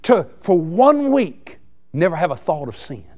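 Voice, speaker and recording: A man preaching a folksy, excitable sermon. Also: on the high side, measured pace. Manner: excitable, folksy, laughs between lines.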